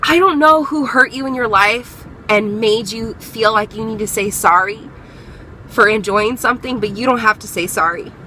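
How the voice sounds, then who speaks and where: A woman's voice: mid-range voice, moderate pace, pushed and bright, a little hiss or hum, rough recording. A young woman vlogger giving a candid, earnest motivational talk, encouraging her viewers and swearing freely.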